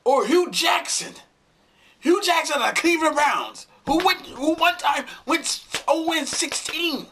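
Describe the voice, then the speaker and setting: Venting his anger about his football team, this vlogger swears repeatedly, says things over and over and trips on his words. His voice is extremely high, bright and forceful, animated yet at a measured pace.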